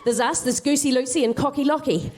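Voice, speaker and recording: A woman's voice: high-pitched, fairly quick, darkish tone, slight background noise, close to an everyday voice. A woman voicing a friendly chicken who agrees readily. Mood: agreeable. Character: friendly chicken at a neighbouring farm.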